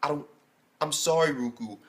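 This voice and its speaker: A man giving a casual, rambling recap of an anime episode as a reviewer, excitable and swearing heavily. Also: a little high, normal speed. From United States.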